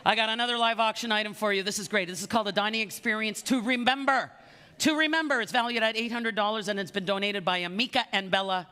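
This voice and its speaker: A woman's voice: medium pitch, quick pace, pushed and bright. A woman running a live charity auction, energetically coaxing and teasing bidders. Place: large indoor event hall. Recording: reverberant event hall.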